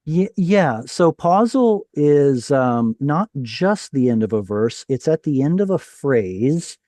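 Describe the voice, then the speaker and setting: A man with a mellow, warm tone leads an online class over a video call. He explains step by step, puts questions to his students and corrects himself as he goes. His voice is close and dry. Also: on the high side, big pitch swings, takes it slowly, dry recording. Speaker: Hebrew teacher.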